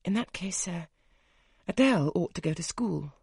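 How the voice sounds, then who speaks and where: Audiobook voice: a man reading a quietly firm young governess with a soft, measured manner. The tone is husky and sits in the middle range. The recording is dry and close. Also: sits high, lively intonation, no room sound, pitched above the performer's own voice, heavily acted. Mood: polite. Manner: polite, measured, soft-spoken.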